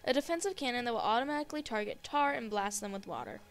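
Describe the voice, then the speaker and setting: A young woman casually commenting on a game she plays, gushing and easily excited, talking to the creatures on screen. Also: a little high, quick pace, soft background music. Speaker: gaming video host. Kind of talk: casual let's-play commentary.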